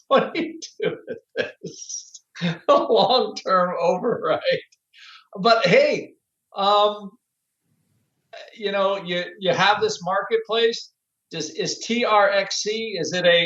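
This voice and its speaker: A high-pitched man co-hosting a casual podcast chat, rambling and laughing through his sentences. His line sounds roomy and echoey, with a dull, muffled tone. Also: a bit bright. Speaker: podcast co-host.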